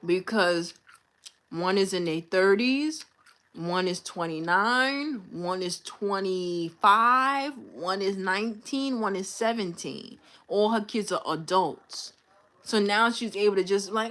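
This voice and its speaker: A young woman chatting on a live stream, unhurried and drawn out in her delivery. She tells a personal story in a candid, slangy way, venting openly to her viewers. Her voice sits at an ordinary pitch for a woman. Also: a bit bright. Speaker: livestreamer.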